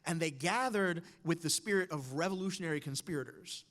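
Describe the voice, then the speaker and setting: A man in his thirties telling a personal story on stage with wry, animated delivery, quoting others in changed voices. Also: fairly high pitch, fairly quick. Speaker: speaker. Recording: long hall reverb.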